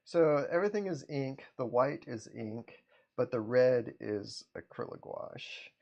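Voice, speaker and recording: A man's voice: mid-range voice, unhurried, vocal fry, muffled recording. A man hosting a casual livestream, chatting easily with viewers and greeting them by name. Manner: relaxed, greets chat by name, chuckles often. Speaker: livestream host, comic artist.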